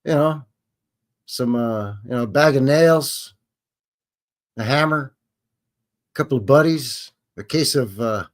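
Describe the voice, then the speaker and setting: A man's voice: mid-range voice, a little slow, long pauses. A man with a Canadian accent hosting a live stream, chatting casually in a joking, rambling way full of folksy slang. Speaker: host.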